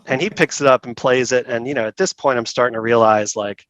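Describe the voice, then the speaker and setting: A middle-aged man telling stories as a guest in an interview, relaxed and chatty, laughing often and acting out the people he quotes. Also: medium pitch, fast, no echo. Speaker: saxophone repair technician, guest. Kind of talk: casual storytelling interview.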